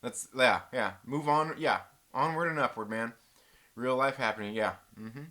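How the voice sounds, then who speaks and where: Bright-voiced laid-back man. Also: mid-range voice, moderate pace. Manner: laid-back, rambling, reads chat aloud and laughs often. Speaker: channel host. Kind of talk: casual live-stream chat.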